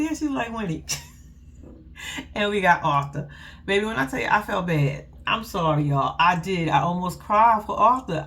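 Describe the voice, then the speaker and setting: Sassy, lively woman recapping reality TV. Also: fairly high pitch. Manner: sassy, blunt, laughing asides, profane. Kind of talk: casual recap commentary.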